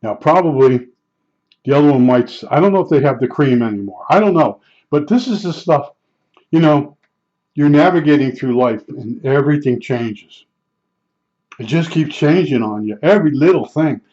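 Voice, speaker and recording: A man's voice: a little high, expressive, normal speed, dark tone. An older man telling rambling, blunt stories in a vlog, with frequent restarts. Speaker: vlogger. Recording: dull lo-fi sound.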